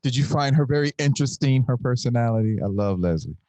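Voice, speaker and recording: A man's voice: medium pitch, expressive, fast talker, dark tone. A man hosting a podcast in casual chat, laid-back and repeating words as he gets going. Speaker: podcast host and comedian.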